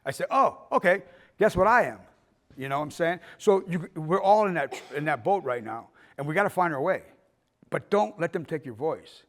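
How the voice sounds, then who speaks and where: In an arts center auditorium, a middle-aged man leads a filmmaking workshop, speaking briskly in a somewhat high voice with lively intonation. His talk is full of stories with acted-out quotes and an occasional curse word.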